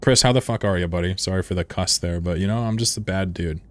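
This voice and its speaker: A man's voice: sits low, fast talker. A man streaming a game, chatting casually with his audience in a rambling, profane way and chuckling often. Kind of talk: casual live-stream commentary.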